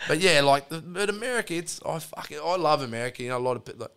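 A man's voice: on the high side, lively intonation, racing, crowd noise. A middle-aged Australian man, a podcast guest, telling rambling stories in a casual chat and swearing freely, with lots of restarts and asides. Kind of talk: casual storytelling yarn.

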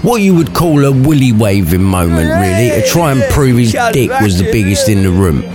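A man's voice: on the low side, very animated, normal speed, loud music behind the voice. Cheeky man telling a rude story. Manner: crude, cheeky asides. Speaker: narrator. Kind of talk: comic storytelling.

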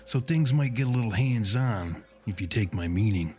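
A man's voice: on the low side, lively intonation, normal speed, warm tone, faint music behind, lightly acted. A man doing a nervous, stammering bar owner. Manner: hesitant, full of "uh"s. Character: nervous sweaty middle-aged male bar owner.

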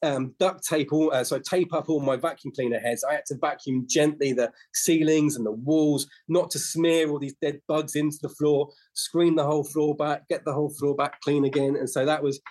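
A man's voice: on the high side, fairly even intonation, normal speed, few pauses, darkish tone. A man in his fifties or sixties, a podcast guest who tells long, rambling anecdotes with frequent restarts. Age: 50s to 60s. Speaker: podcast guest, flooring business owner. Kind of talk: casual interview storytelling.

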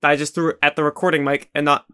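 A man's voice: fairly high pitch, little pitch movement, fast, sharp tone, clear, resonant tone. A man playing in a tabletop game podcast, making goofy jokes while introducing himself. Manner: goofy, teasing. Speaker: player. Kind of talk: casual podcast banter.

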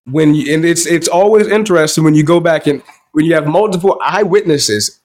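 A young man hosting a podcast, telling a personal story in a wry, animated way and quoting the back-and-forth. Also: fairly high pitch, brisk. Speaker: podcast host. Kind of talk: solo storytelling monologue.

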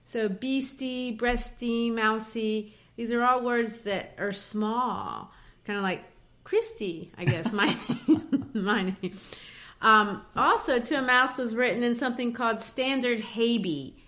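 A woman's voice: on the high side, very animated, a little slow, bright, forceful tone. A woman co-hosting a casual educational chat, explaining poetry in a teacherly way with frequent restarts.

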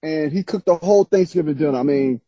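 A man's voice: fairly high pitch, fast talker, breathy edge, no echo. A man, an author guest, telling stories in casual interview chat with frequent laughs. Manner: animated storytelling, laughs often. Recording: slightly dull lo-fi sound.

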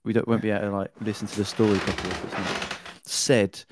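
A man's voice: on the low side, level tone, fast, slight background noise. An easygoing man co-hosting a casual comedy podcast, bantering and calling his friends mate. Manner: easygoing, says mate a lot. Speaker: podcast co-host.

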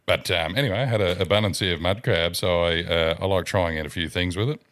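A man's voice: low-pitched, brisk, a bit bright. An Australian man, a podcast guest, chatting in a laid-back way, giving detailed accounts and swearing casually. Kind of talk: casual chat.

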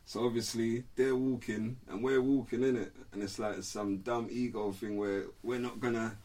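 A man's voice: medium pitch, steady tone, normal speed, a little mellow. Laid-back young London man, slightly distant. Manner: laid-back, fills with "you know what I mean". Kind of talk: casual storytelling chat.

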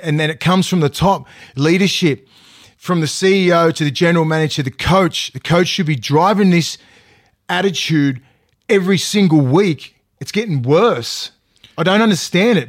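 Aussie male athlete, fairly high voice, blunt, sweary, ranting podcast co-host. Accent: Australian. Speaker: current player and co-host. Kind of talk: casual sports podcast chat.

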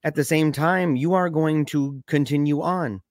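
A man chatting casually on a podcast, animated and quick to rise in pitch, dropping low and quiet for serious stories, with frequent stammers and restarts. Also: no echo, studio quality. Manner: animated, pitch jumps up when excited, drops low and quiet for somber stories. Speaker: podcast co-host discussing a film. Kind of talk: casual conversational discussion.

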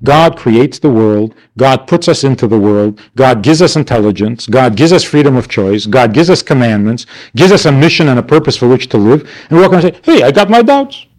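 Man, classroom lecture, rhetorical questions, wry asides, very animated intonation, mid pitch. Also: fairly quick, few pauses. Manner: rhetorical, asks and answers himself; wry, mock-indignant asides. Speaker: teacher.

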